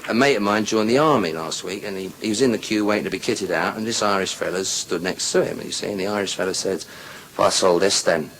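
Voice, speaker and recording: A man's voice: on the low side, quick pace, few pauses, fairly bright tone, a little hiss or hum, low-quality recording. A man doing live stand-up comedy, telling bawdy jokes with chatty asides. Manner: bawdy joke-telling with "you see" asides.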